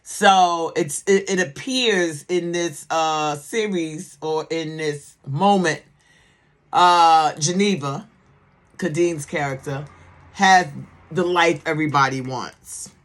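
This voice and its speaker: A woman's voice: low voice, slow. A woman giving casual commentary on a TV series. She talks in a sassy, emphatic way, repeats words for emphasis and keeps checking in with the listener. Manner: sassy, emphatic, keeps asking "okay?" for agreement. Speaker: TV series reviewer.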